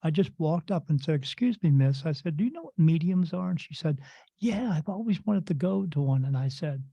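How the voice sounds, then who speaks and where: Male podcast host, rambling storyteller, higher-pitched, muffled lo-fi sound. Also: expressive, a little fast, vocal fry, dark tone, husky, no room sound. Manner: rambling, with frequent restarts and quoted dialogue. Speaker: podcast host and spirit medium. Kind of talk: casual conversational storytelling.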